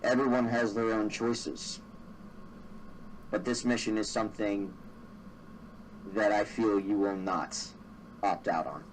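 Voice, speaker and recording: A man voicing a formal male butler who recruits adventurers, speaking in a grave, measured way. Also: on the low side, steady tone, far from the mic, a little hiss or hum, rough recording. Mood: solemn.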